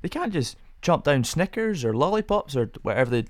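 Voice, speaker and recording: A man's voice: fairly high pitch, very animated, a little fast, dry recording. A young man hosting a casual solo podcast, rambling through rhetorical questions with self-amused musing. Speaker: podcast host.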